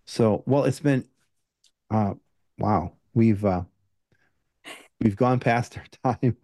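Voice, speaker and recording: A man's voice: fairly low pitch, slow pace, mellow, no echo. A man hosting a podcast, chatting hesitantly with many fillers. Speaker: podcast host. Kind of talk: casual chat.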